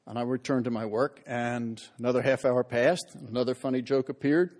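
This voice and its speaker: A man's voice: mid-range voice, steady tone, a little fast, few pauses. A man giving a humorous public lecture as a historian, telling anecdotes with self-deprecating humor and acting out the voices in his stories. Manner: acts out quoted voices loudly.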